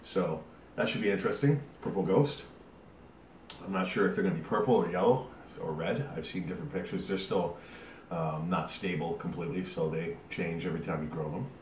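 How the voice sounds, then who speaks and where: Man, very low voice, casual rambling channel host, sweating; off-mic in an echoey room. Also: fairly quick, darkish tone, far from the mic. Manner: rambling, chatty, with many fillers. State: sweating from eating a hot pepper. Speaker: YouTube host. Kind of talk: casual vlog talk to camera. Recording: roomy echo, off-mic, faint hiss.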